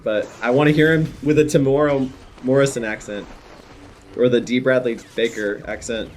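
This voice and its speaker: A man's voice: medium pitch, fairly even intonation, moderate pace, a little mellow, a little hiss or hum. A young adult man co-hosting a reaction video, chatting casually and rambling with enthusiastic fan commentary. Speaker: co-host reacting to a cartoon. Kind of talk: casual chat.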